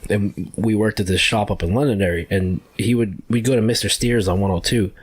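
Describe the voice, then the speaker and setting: Husky, animated New storyteller man. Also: on the low side, a little fast. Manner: animated storyteller, swears freely, laughs often. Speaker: podcast guest, sound engineer. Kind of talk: casual chat.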